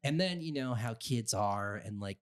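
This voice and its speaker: A man's voice: medium pitch, animated, moderate pace, clean tone. Rambling, profane podcast co-host man. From Utah, USA. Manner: rambling, profane, full of fillers and voiced quotes. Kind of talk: casual storytelling chat.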